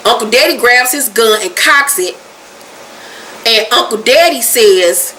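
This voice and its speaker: A woman's voice: on the high side, lively intonation, measured pace, sharp tone, slight background noise. A woman giving a casual, slangy recap of a TV episode, laughing often as she talks. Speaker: TV show reviewer.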